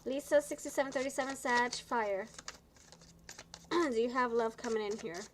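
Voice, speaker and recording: A woman doing a live tarot reading, chatty and encouraging, tired and low on energy, stumbling over her words now and then. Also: normal speed, background noise. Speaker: tarot reader.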